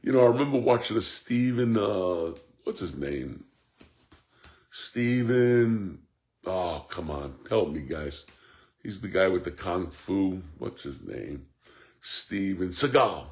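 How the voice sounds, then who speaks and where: Man, preacher, gravelly voice, fervent sermon, loud shouts and hushed asides. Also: low voice, animated, slow pace. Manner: fervent, swings between shouting and hushed tones; repeats a refrain, addresses listeners by name. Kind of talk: impassioned sermon.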